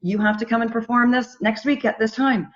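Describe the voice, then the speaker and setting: A middle-aged woman, a podcast guest telling her own story in a casual, animated way and acting out the conversations she retells. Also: on the high side, a little fast, highs cut off. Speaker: podcast guest, charity founder.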